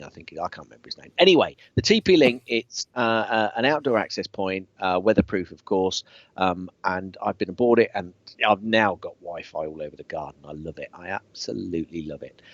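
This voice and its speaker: A man's voice: deep voice, lively intonation, fairly quick, no echo, muffled recording. A man co-hosting a casual tech podcast, enthusiastic and hesitant with lots of fillers. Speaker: podcast co-host.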